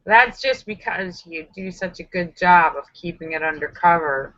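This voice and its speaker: A woman's voice: fairly low pitch, animated, normal speed, fairly bright tone, dull audio. A woman hosting a casual live stream, chatting with viewers in a sassy, joking, self-mocking way.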